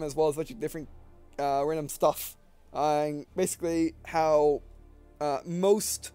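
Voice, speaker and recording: A man narrates his own gameplay video in a loose, chatty way. His voice sits high for a man, and he rambles, stumbles and corrects himself as he explains things. Faint music plays behind him. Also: darkish tone. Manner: rambling, filler-heavy, often corrects himself mid-sentence. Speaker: gaming video host. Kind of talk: casual gameplay commentary.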